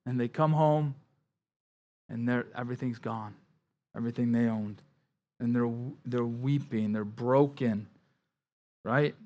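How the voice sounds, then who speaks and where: A man pastor preaching a Bible-study sermon in a conversational way, dropping quiet on somber lines and rising on emphasis. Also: a little slow. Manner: conversational preaching, with frequent "like" and "right?" asides and repeated words; drops his voice low and quiet on somber lines, rises louder on emphasis.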